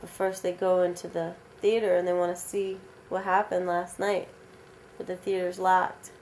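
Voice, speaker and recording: A woman telling an original vampire story aloud in a casual, animated, rambling way, with many fillers. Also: lowish voice, moderate pace, a little hiss or hum.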